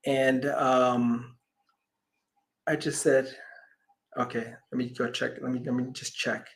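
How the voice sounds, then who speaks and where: Gravelly man telling a story. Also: mid-range voice, takes it slowly. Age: adult parent. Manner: animated storyteller, acts out quoted voices, drops to near whispers. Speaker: guest healer. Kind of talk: storytelling in an interview.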